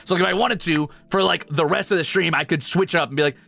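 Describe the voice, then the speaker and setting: A man streaming casually, chatting with his viewers with quick asides and swearing. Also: on the high side, vocal fry, pushed and bright, soft background music. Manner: casual, quick asides and profanity, shows off vocal range. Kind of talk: casual chat with chat readers.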